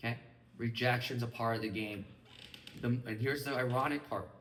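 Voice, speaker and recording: A man delivers a lively motivational training talk to a group of listeners and keeps asking whether they follow him. His voice sits at an ordinary male pitch. It is picked up from some distance in an echoey room with faint ambience behind it. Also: brisk, slight background noise. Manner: energetic, keeps checking in with listeners. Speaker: business mindset trainer.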